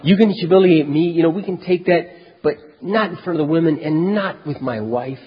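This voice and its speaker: A man preaching, telling a personal story in a lively, conversational way that swings from loud to very quiet. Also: on the high side, fairly quick, husky. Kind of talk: sermon storytelling. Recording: dull echoey hall recording.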